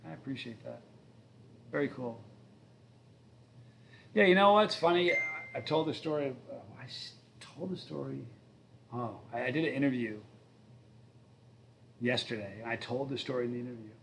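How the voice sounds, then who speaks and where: A man's voice: medium pitch, normal speed, vocal fry, long pauses, a bit bright, a little hiss or hum. Chatty man in his fifties. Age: 50s. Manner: rambling, chatty storyteller. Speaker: livestream host. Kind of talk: casual live-stream chat reading viewer questions.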